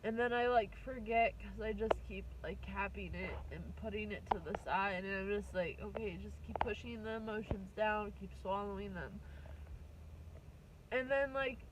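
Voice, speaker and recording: A woman's voice: mid-range voice, very noisy. Upset twenty-something woman ranting to camera, rambling, cursing, choked up. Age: 20s. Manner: rambling, halting and swearing. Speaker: vlogger. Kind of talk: emotional venting vlog.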